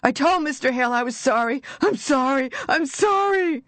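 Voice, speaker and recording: A woman voicing a terrified man buried alive in a coffin, pleading in a raw, croaking voice. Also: fairly high pitch, normal speed, no echo, voice pushed up.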